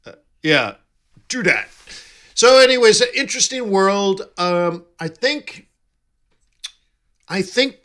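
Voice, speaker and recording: A man's voice: a little high, bright, forceful tone. A man hosting a live trading stream, chatting casually and jokily with viewers while reading their comments. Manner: chatty, jokey, reads out chat and answers viewers.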